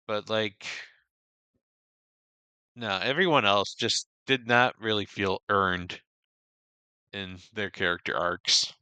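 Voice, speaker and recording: A podcast host gives a loose, rambling recap in a casual discussion, full of fillers and restarts. His voice is on the low side, steady, smooth, and sharp in tone; he speaks slowly with frequent pauses, and the recording is dry.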